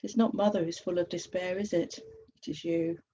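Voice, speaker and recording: A woman reading aloud and voicing Hope, a curious, gentle stranger who asks probing questions. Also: fairly low pitch, fairly even intonation, a little fast, dull audio, slight background noise, lightly acted.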